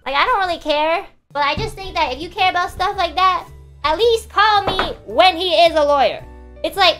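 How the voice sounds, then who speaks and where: Young woman, twenties, high voice, animated, exasperated, swears a lot, faint music behind. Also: normal speed. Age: 20s. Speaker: streamer. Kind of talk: casual storytelling to a live stream.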